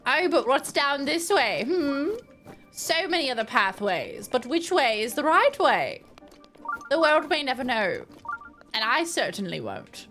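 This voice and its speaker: A woman's voice: on the high side, sing-song, unhurried, a bit bright, faint music behind. A young woman streaming a video game, chatting with her viewers in a playful, jokey way. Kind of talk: casual live-stream chat.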